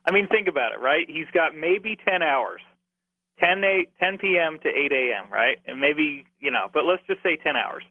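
A man, a radio guest, reasoning things through out loud in a casual way and laughing often, heard over the telephone. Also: a little high, expressive, normal speed, no echo. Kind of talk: casual talk on a phone-in. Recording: tinny phone line.

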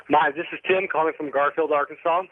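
A man's voice: a little high, steady tone, a little fast, no echo. Man calling in over a thin phone line. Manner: rambling, hesitant, lots of ums and restarts. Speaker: caller. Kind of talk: telling a story on a radio call-in show.

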